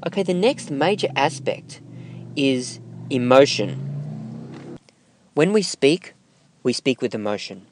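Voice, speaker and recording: A man teaching voiceover technique, speaking slowly and deliberately with emphatic pauses. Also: fairly high pitch, very animated, slight background noise. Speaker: voiceover instructor. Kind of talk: instructional talk to camera.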